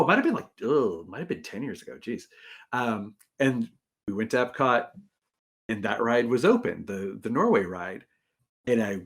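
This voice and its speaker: A man hosting a podcast, chatting casually and ranting in mock outrage about a theme park ride. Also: medium pitch. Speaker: podcast host. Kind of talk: casual chat.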